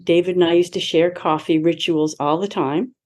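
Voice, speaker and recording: A woman in her seventies with a low, mellow voice tells a personal story as an interview guest. She is reflective, acts out her own past dialogue, and laughs lightly between remarks. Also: steady tone, moderate pace. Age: 70s.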